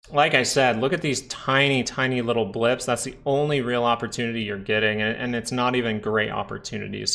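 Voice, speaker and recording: Gravelly-voiced man talking through charts. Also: mid-range voice, bright, forceful tone. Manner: chatty, explains while reading viewer chat; frequent tag questions like "right?". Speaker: stock market livestream host. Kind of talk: casual live chart analysis.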